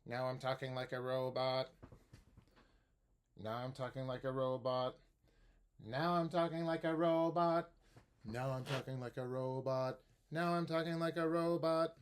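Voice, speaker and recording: Robot voice, monotone, repeating one line; a man performs it for a student. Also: medium pitch, a little slow, long pauses, a little hiss or hum, close to an everyday voice. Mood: mechanical.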